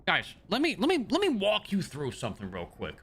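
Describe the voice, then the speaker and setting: A young man streaming a game, ranting in a fast, profane, stammering way. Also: sits high, wildly swooping pitch, a bit bright, husky. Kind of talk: profane live-stream rant.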